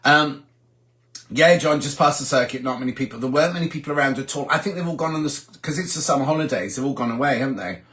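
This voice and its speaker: A man's voice: medium pitch, quick pace, a bit bright. An older man, hosting a casual live chat about sewing and reading out viewer comments as he answers them. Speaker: host of a sewing livestream.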